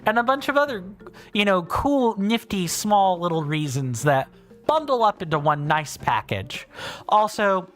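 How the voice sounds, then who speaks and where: A man's voice: high voice, sing-song, unhurried, fairly bright tone, soft background music. A man chatting casually and rambling while livestreaming a video game, thinking aloud and restarting sentences. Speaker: streamer. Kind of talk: casual livestream chat over gameplay.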